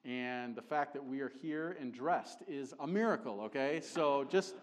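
A middle-aged man preaching a sermon as a visiting missionary, conversational and joking, growing animated as he builds a point. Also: medium pitch, normal speed. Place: church sanctuary. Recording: long hall reverb.

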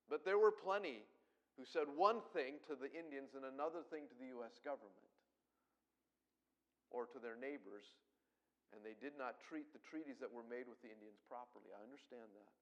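A middle-aged man from Colorado preaching a sermon as pastor, talking fast and swelling into loud emphatic bursts. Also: mid-range voice.

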